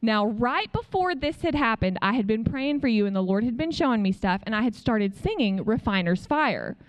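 A woman preaching in a conversational way, telling a personal testimony as an animated story and acting out what other people said. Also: on the high side, normal speed. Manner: frequent "like" fillers. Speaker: speaker sharing a testimony.

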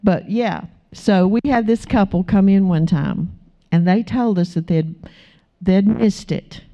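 A pastor's wife delivers a sermon full of stories, animatedly acting out the voices of the characters. Her pitch is medium and her pace measured, captured on slightly dull lo-fi audio.

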